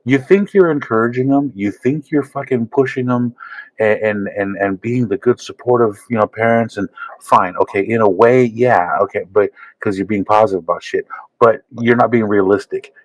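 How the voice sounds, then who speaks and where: A man co-hosting a casual comedy podcast, talking in a halting way with repeated words and profanity. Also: on the low side, dry recording, low-quality recording. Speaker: podcast co-host.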